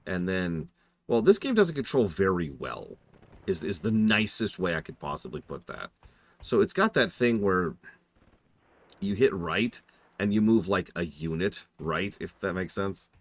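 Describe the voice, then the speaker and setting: A man's voice: low-pitched, very animated, measured pace, dry recording. A man streaming and reviewing a game in casual, wry, self-deprecating commentary.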